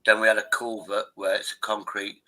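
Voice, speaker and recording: Sweary man, very bright voice. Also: lowish voice, level tone, fairly quick, low-quality recording. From Derbyshire, England. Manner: rambling, sweary storytelling. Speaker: livestream host. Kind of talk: casual chat.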